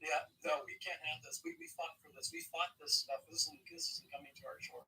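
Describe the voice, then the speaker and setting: Upbeat chatty man with a bright voice. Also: a little high, huge pitch swings, a little fast, creaky, slightly rough, low-quality recording. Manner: chatty, enthusiastic, laughs often. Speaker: caller. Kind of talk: casual political chat.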